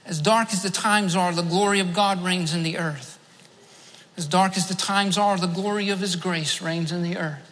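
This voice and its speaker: A fervent male preacher with a bright, forceful voice, pressing his points through repetition. His sermon carries in a large hall, and each phrase trails off into a long echo. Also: sits high, fairly even intonation, normal speed. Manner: fervent, repeats phrases for emphasis.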